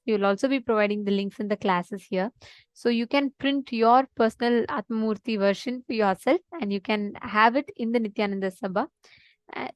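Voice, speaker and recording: Woman, class instructor, highish voice, dry close sound, reassuring storyteller who checks in often. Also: no echo. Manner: reassuring, checks in with "okay?" and "right?". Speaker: program instructor.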